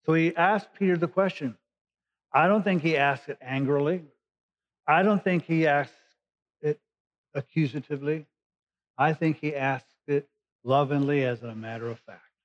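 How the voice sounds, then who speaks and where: A male pastor whose voice runs on the high side speaks at a moderate pace, leaving long pauses. He explains scripture conversationally in plain language, paraphrasing Bible passages, and the recording sounds dull and lo-fi.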